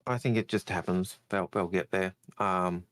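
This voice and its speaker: A man with a very deep voice co-hosting a casual gaming Q&A. He weighs his words slowly, pausing on fillers as he goes, and sounds dry and close to the mic. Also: steady tone, fairly bright tone, no room sound. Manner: measured, hesitant, many fillers. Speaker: co-host of a game Q&A show. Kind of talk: casual podcast chat.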